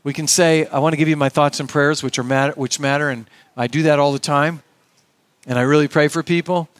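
A man's voice: fairly high pitch, steady tone, fairly quick, no room sound. A middle-aged male pastor preaching a sermon in an earnest, conversational way, often quoting dialogue.

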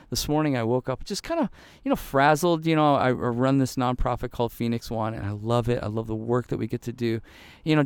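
A man preaching a devotional sermon in an earnest way, repeating phrases for emphasis and dropping to a hushed voice when quoting prayer. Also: medium pitch, smooth, dry recording. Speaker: pastor.

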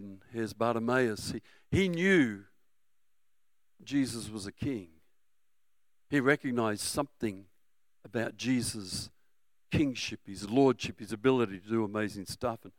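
A middle-aged Australian man preaching a sermon, energetic and humorous, sometimes breaking into shouts. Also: mid-range voice, dry recording. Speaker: pastor.

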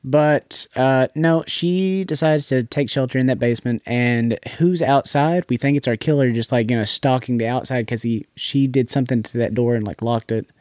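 A man's voice: medium pitch, moderate pace, hardly any pauses, a little mellow, no room sound, clean studio sound. Rambling man recapping a movie. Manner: rambling, repeats words, recaps plot scenes. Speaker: podcast co-host. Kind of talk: casual movie recap chat.

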